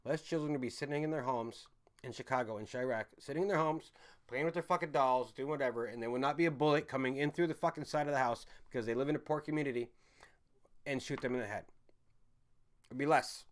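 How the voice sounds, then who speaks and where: A man in a middle register ranting on his live stream. He swears constantly and swings between loud outbursts and low muttering, now and then stopping to read out the chat. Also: quick pace. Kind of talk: profane live-stream rant.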